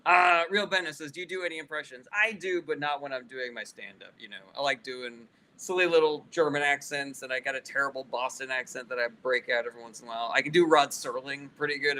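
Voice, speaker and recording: A man's voice: mid-range voice, fairly even intonation, fast talker, pushed and bright, poor audio. A male comedian casually answering live chat questions, loose and profane, reading each question aloud before he answers.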